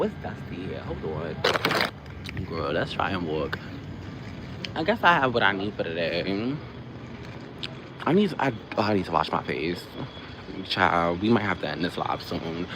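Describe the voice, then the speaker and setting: A man chatting casually on a live stream while walking outdoors, rambling from one topic to the next with quick asides. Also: sits low, sing-song. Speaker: livestream host. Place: outdoors on a busy city street. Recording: noisy street with passing traffic.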